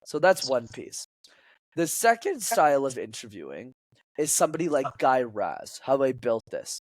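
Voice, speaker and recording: A man's voice: medium pitch, moderate pace, no echo. A man who coaches public speaking, talking as a podcast guest and acting out quoted lines in changing voices. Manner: animated, acts out quotes in shifting voices.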